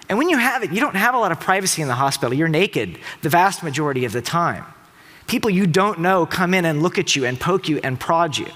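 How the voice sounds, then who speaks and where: A middle-aged man from Tennessee giving an emphatic, rhetorical public talk on stage. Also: in a large hall. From Tennessee, USA. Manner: emphatic, rhetorical, with lively pitch shifts. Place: large auditorium stage.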